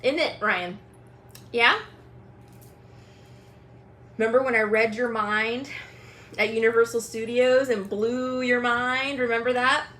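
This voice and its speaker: On a low-quality recording with a little hiss or hum, a young tarot reader on a livestream slowly delivers an angry, mocking, profane rant aimed straight at people, pausing often. Her voice is on the high side, steady and fairly bright.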